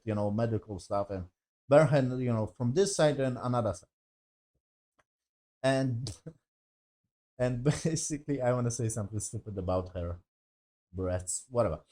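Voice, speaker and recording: A man's voice: medium pitch, a little mellow. Exasperated, foul-mouthed male reviewer. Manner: exasperated, heavy swearing, rambling; non-native English grammar. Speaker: TV series reviewer. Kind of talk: casual spoken review.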